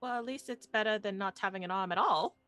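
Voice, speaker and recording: A woman's voice: mid-range voice, quick pace, fairly bright tone. A woman playing a tabletop role-playing game, chatty and casual. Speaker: player.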